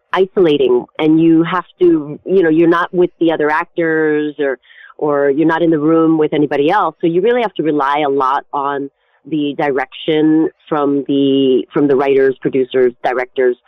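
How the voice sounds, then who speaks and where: A woman's voice: sits low, normal speed, no room sound. Woman actor talking from home, lots of restarts, sounds like a phone line, dry. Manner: rambling, frequent restarts. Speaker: voice actor guest. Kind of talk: interview answers. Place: home recording setup.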